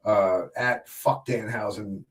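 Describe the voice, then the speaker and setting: A man's voice: lowish voice, fairly even intonation, slow pace, distant mic. A man guesting on a casual wrestling podcast, rambling with many fillers and restarts and joking around. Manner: jokey, slips into wrestler impressions.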